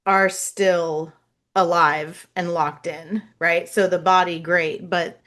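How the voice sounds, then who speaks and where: A woman's voice: on the low side, fairly even intonation, slow pace, fairly bright tone. A woman hosting a podcast interview, reflective, hunting for her words and checking in with "right?". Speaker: podcast host. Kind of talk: casual interview conversation.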